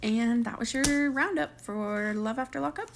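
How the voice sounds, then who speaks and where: A woman recaps a reality show in a loose, chatty monologue. Her voice sits a little high with a gravelly fry. She is sarcastic and slips into quick imitations of the people she describes. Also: noisy background. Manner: chatty, sarcastic, acts out quotes.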